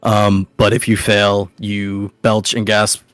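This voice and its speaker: A young man as dungeon master, calmly explaining game rules. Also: lowish voice, slow, no room sound.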